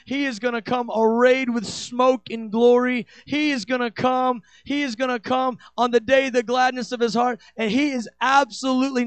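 High-voiced impassioned male preacher. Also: dry recording. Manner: impassioned, acts out quoted dialogue with big swings in pitch and loudness. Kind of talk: sermon.

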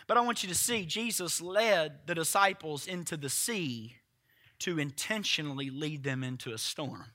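A man's voice: a little high, expressive, moderate pace, bright, forceful tone. A man preaching a sermon emphatically, firing rhetorical questions at his congregation. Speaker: pastor.

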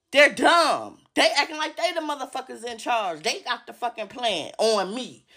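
A woman's voice: a little high, fairly bright tone, husky. A woman hosting a solo podcast, ranting in an agitated, heavily profane way and speaking straight to her listeners. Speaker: podcast host.

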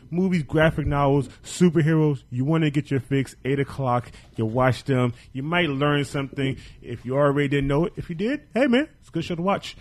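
A man hosting a casual podcast, plugging shows in a loose, joking, profane way. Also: medium pitch. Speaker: podcast host. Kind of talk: casual podcast chat with show plugs.

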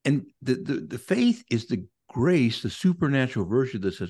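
In a mid-range voice that is a little mellow with a breathy edge, a middle-aged Catholic priest speaks very animatedly at normal speed, barely pausing. He's on a casual faith podcast, voicing imagined inner thoughts to make his ideas clear.

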